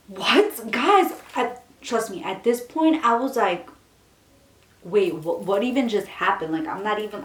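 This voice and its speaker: A young woman vlogger telling a long storytime in casual chat, full of "like" fillers and animated retellings. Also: mid-range voice, reverberant.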